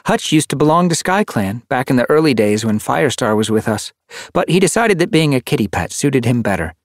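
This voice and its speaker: A man's voice: medium pitch, very animated, fairly quick, dry recording, clean studio sound, pitched above the performer's own voice. A man voicing an earnest female cat who leads her clan, in an audiobook.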